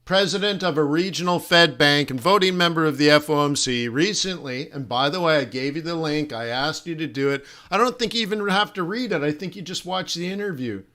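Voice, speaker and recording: Bright, high-voiced man teaching trading live. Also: fairly quick, few pauses. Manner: animated and joking, teasing his viewers; rambling, with frequent laughs and restarts. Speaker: forex trading instructor and host. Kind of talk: live-streamed trading lesson.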